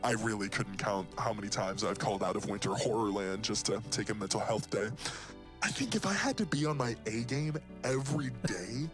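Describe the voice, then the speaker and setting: A man's voice: fairly low pitch, a little fast, lightly acted. A man voicing a rambling, opinionated game monster. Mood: laid-back. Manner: rants in mock-serious tone, voice jumps up for emphasis. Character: rambling casual male monster, easygoing and opinionated. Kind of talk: game character dialogue. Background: game music.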